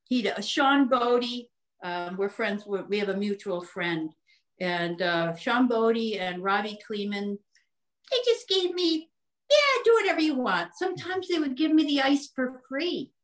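A woman's voice: a little high, unhurried, poor audio. A woman in her sixties, a hockey coach and physical therapist, telling stories in a casual podcast chat, laughing often and acting out what people said. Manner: animated storyteller, laughs often, acts out voices.

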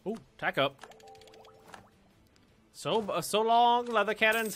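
A man's voice: sits high, big pitch swings, unhurried, long pauses, fairly bright tone, soft background music. A man casually commenting as he plays a strategy game on stream, chatty and playful, swearing and repeating himself as he thinks. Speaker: let's play streamer.

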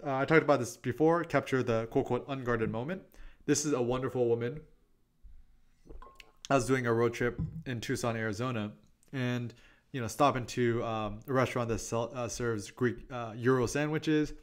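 Brief: a chatty, mid-pitched man giving a casual photography talk, anecdotal and full of fillers. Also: steady tone. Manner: chatty and quick, with many fillers and "I'm like" asides. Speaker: photography presenter.

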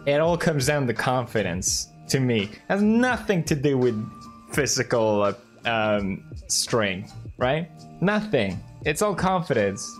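A man's voice: medium pitch, big pitch swings, measured pace, soft background music. A YouTuber man in an opinion monologue, dismissive and argumentative.

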